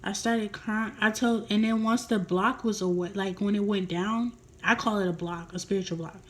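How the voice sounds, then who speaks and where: A woman's voice: medium pitch, fairly even intonation, moderate pace. A young woman vlogger telling a personal story in a rambling, emotional way with many fillers.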